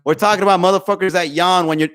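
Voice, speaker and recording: A young comedian running a casual livestream podcast on his phone reads viewer comments, voices the people he quotes, and swears a lot. His voice is high, fairly bright, and clean-toned, with fairly even intonation at a racing pace.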